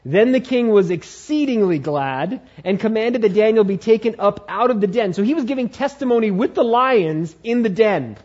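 A male pastor preaching a sermon, driving his point home by repeating key phrases, with dramatic swings in pitch. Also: lively intonation, normal speed, few pauses, a little mellow. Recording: dull lo-fi sound.

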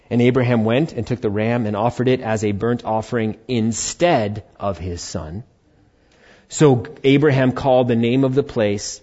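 A male pastor preaching a Sunday sermon, swinging between sudden loud emphatic bursts and soft, low asides. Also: muffled recording. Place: church.

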